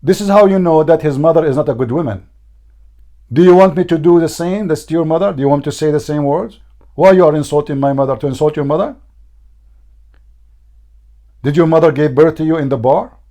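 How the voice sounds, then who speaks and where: Hoarse, high-voiced man debating and mocking. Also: fairly quick, pauses often, dark tone. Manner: mocking, insistent, repeats questions. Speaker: debate show host. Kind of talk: heated live debate.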